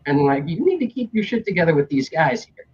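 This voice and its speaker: Young guy ranting through a wild story, husky voice, pitch jumps all over, muffled lo-fi stream sound. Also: brisk. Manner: animated, acts out other people's lines, swears freely. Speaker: stream host telling a story. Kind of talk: casual storytelling chat. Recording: dull lo-fi stream audio.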